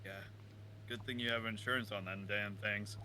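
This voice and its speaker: Man, podcast co-host, bright and forceful tone, loose and profane, laughs a lot. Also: fairly low pitch, fairly even intonation, normal speed, slight background noise. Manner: laughing often, swearing. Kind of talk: casual chat.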